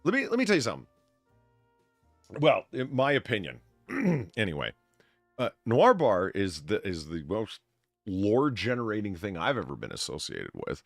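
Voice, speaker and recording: A man's voice: on the low side, wildly swooping pitch, normal speed, gravelly, long pauses, no echo, clean studio sound, soft background music. A man hosting a casual live stream, thanking donors and rambling in a self-deprecating way. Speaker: bartender host.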